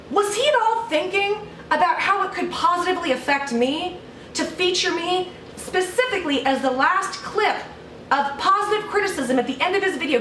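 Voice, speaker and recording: A woman's voice: very high-pitched, a bit bright, reverberant, far from the mic, a little hiss or hum. A woman YouTuber doing a sarcastic, mock-outraged vlog rant, full of swearing, recorded at home. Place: home room.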